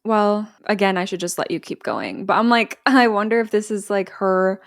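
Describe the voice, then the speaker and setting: A woman co-hosting a podcast, excitable and chatty, swearing and thinking aloud about theories. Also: medium pitch, moderate pace, no echo, studio quality. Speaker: podcast co-host listening to a plot. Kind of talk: casual chat.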